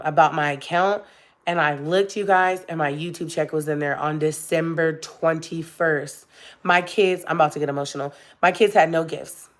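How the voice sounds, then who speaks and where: A young woman chatting casually on a live stream with her viewers, emotional and laughing often as she talks to them directly. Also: on the low side. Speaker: YouTube vlogger.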